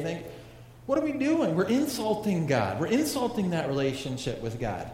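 A man's voice: a little high, wildly swooping pitch, moderate pace, hardly any pauses, darkish tone. A man preaching a sermon in a conversational way, asking his congregation questions as he goes. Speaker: pastor. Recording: echoey hall with long reverb.

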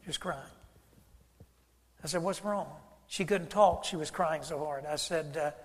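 A man's voice: fairly high pitch, unhurried. A man pastor, preaching a sermon and acting out both sides of a conversation as he tells a story. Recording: church hall reverb.

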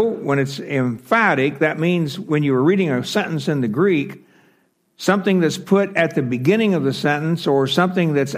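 A man teaching a Bible class, explaining step by step with fillers and self-corrections. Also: a little high.

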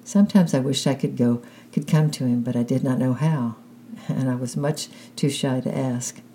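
A woman with a very deep, dark voice reads a children's novel aloud in the first person. Her narration is calm and unhurried, with a faint hiss underneath. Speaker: audiobook reader.

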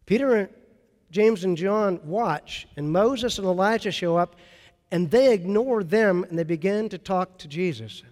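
A man delivers a sermon in a notably high voice. He retells the scene with lively, acted-out quotes. The sound trails off in a long, echoing hall reverb. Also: measured pace. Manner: animated storytelling, acts out excited quotes. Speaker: pastor.

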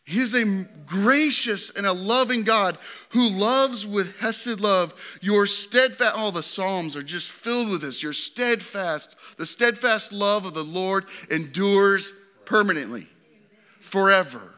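Guy preaching, high bright voice, gets fired up then goes soft and gentle. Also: a little slow, few pauses. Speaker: pastor. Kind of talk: sermon.

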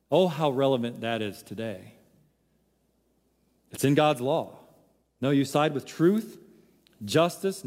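A man's voice: fairly high pitch, a little mellow, in a large hall. A man preaching a sermon, emphatic and full of rhetorical questions. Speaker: pastor.

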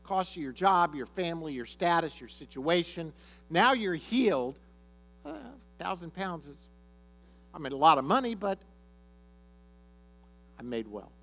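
A man's voice: a little high, unhurried, pauses often, faint music behind. A man preaching a sermon, retelling a story and acting out the characters' lines. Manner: animated, acts out characters' lines. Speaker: pastor.

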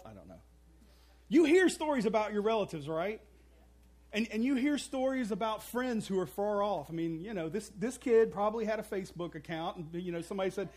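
A man's voice: high-pitched, animated, normal speed, a little mellow. A man preaching a sermon, telling a story with playful asides and acting out the characters' voices. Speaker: pastor.

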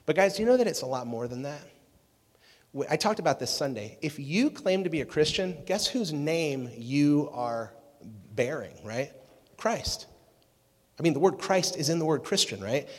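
Lively man preaching to a youth group. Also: medium pitch. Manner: energetic, jokey, talks with the audience. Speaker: youth pastor. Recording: long reverb of a hall.

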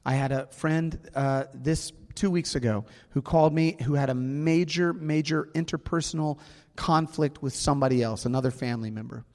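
A man preaching a sermon as pastor, earnest and slowing down to stress key words, in a church sanctuary. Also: a little high, fairly even intonation, a little mellow. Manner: earnest, slows down for emphasis. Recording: long hall reverb, faint music.

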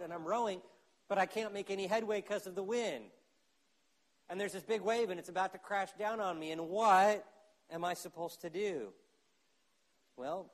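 A man preaching with a slightly higher voice, full of animation. He builds to loud, urgent peaks and then drops to hushed, intense stretches. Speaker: pastor. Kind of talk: sermon.

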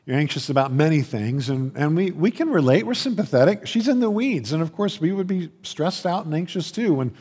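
A man's voice: a little high, sing-song, fairly quick, hardly any pauses, a little mellow, breathy edge. A male pastor giving a conversational sermon, telling stories and often restarting or repeating his words. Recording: long hall reverb.

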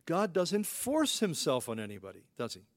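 A man's voice: a little high, huge pitch swings, moderate pace. Folksy male pastor preaching conversationally. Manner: folksy, rhetorical questions, frequent "you know" fillers. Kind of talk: conversational sermon.

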